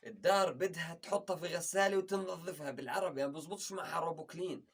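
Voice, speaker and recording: Rapid husky man. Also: on the high side, animated. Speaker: stand-up comedy contestant. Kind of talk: stand-up comedy storytelling. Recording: distant mic.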